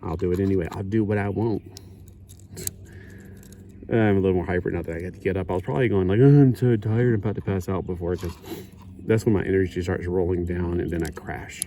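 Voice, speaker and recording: This middle-aged man's voice sits low and dark with a steady tone, and he speaks quickly but leaves long pauses. He's a hobby builder chatting casually as he puts a kit together, rambling, correcting himself, and chuckling on the side. A little hiss or hum runs through the audio.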